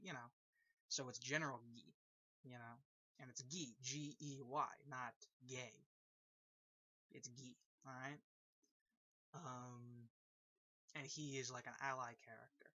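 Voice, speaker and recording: A man's voice: mid-range voice, fairly even intonation, measured pace, pauses often, bright, forceful tone, no echo. A man casually explaining a fan-made story at length, rambling with lots of fillers and repeated phrases. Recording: dull lo-fi recording.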